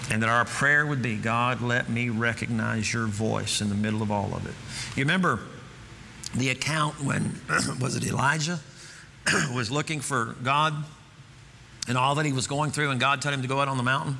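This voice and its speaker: A man's voice: medium pitch, steady tone, moderate pace, creaky, bright, forceful tone, slight background noise. A man preaching a sermon as pastor, earnest, repeating phrases as he builds to fervent emphasis. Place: church sanctuary. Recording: reverberant church hall, faint ambience.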